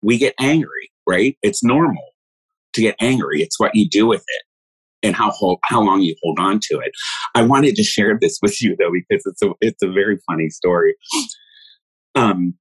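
Husky-voiced man telling a rambling story. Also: on the low side, normal speed, low-quality recording. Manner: rambling, with frequent restarts and laughter. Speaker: guest. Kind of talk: casual personal storytelling.

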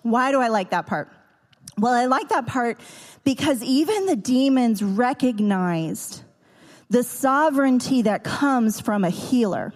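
A woman teaching a sermon earnestly, slowing down to stress key words. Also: a little high, expressive. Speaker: preacher. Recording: long hall reverb.

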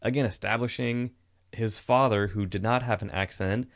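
A man co-hosting a podcast, chatting casually about a film in an animated, rambling way that corrects itself. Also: fairly low pitch, moderate pace. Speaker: podcast co-host. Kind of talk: casual movie review chat.

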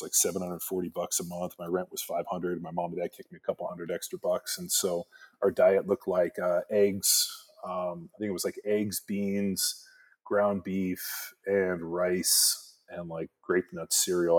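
A man in his forties with a very low, husky voice tells long, rambling stories with an easygoing manner. He fills his speech with fillers and acts out the other people in his stories. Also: a little mellow. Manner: laid-back, rambling with many "like" fillers, acts out quoted voices. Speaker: podcast guest, former pro football player. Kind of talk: casual storytelling chat.

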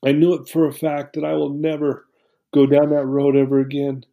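Earnest man telling his story, mellow voice. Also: fairly high pitch, completely flat delivery, moderate pace, creaky. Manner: earnest, emotional storytelling with many restarts. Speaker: guest.

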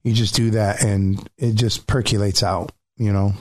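Emotional, animated male streamer. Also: on the low side, moderate pace. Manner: emotional, animated storytelling with many restarts. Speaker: streamer guest. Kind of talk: casual chat.

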